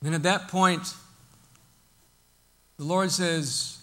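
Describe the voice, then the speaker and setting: A man's voice: sits high, expressive, normal speed, pushed and bright. A man preaching a sermon in a conversational, folksy way, often restarting his sentences. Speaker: pastor.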